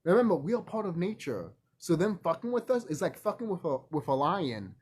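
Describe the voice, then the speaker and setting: A man vlogging in a rambling, profane casual monologue, animated and laughing often. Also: high-pitched, brisk, few pauses, husky.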